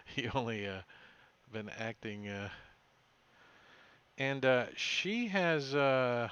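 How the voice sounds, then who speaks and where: A man running a tabletop game as game master, recapping the session in a halting way with many fillers and self-corrections. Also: medium pitch, bright, forceful tone, clean tone.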